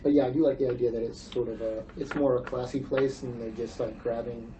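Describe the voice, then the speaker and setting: A man's voice: mid-range voice, steady tone, a little fast, noisy background. Man brainstorming in a meeting, distant. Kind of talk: casual work meeting.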